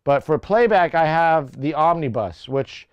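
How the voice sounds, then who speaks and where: A man hosting a studio livestream, talking slowly in a fairly high, smooth voice. He rambles through technical details and stops to correct himself. The sound is dry and close, from a lapel mic. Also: lively intonation, no echo, dull audio. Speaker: livestream host. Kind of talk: casual technical chat. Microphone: lavalier mic.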